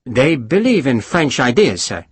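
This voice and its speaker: A male audiobook narrator voicing an earnest, polite young Portuguese officer who keeps asking puzzled questions, in a husky voice. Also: mid-range voice, big pitch swings, measured pace, no room sound. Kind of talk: audiobook character voice.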